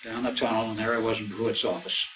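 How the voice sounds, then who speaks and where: A man's voice: lowish voice, steady tone, fast talker, background noise. An older man telling a long story to an audience, acting out remembered dialogue as he goes. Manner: anecdotal, acts out remembered dialogue. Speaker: speaker recounting his experiences.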